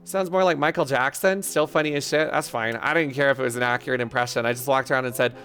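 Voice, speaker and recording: A man's voice: medium pitch, fast, few pauses, a bit bright, soft background music. A man streaming live, joking crudely and rambling in banter with his chat.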